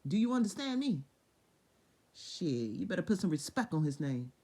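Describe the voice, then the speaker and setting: A woman's voice: fairly low pitch, very animated, moderate pace, dark tone. A young woman casually retelling Bible stories with lots of profanity, laughter and voiced quotes.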